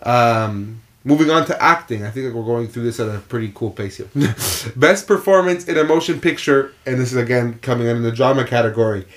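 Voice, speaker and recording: A man co-hosting a casual film podcast, opinionated and quick to swear. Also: medium pitch. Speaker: podcast co-host.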